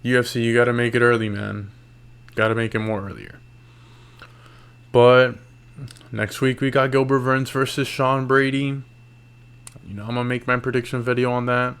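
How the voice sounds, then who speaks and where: A man's voice: mid-range voice, flat delivery, normal speed, long pauses, fairly bright tone, clean tone. A tired man recapping MMA fights late at night in loose, slangy casual talk, yawning and restarting his sentences. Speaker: MMA YouTuber.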